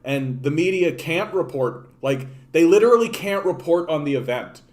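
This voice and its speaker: A man's voice: on the high side, normal speed. A man from Canada hosting a political livestream, ranting casually with profanity and many restarts. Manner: profane, animated, repeats and restarts words.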